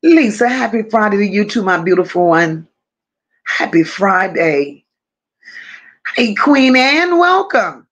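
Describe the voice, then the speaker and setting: A woman hosting a casual livestream, greeting her chat one by one with drawling, affectionate shout-outs. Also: mid-range voice, sing-song, takes it slowly, long pauses, lo-fi sound. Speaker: livestream host.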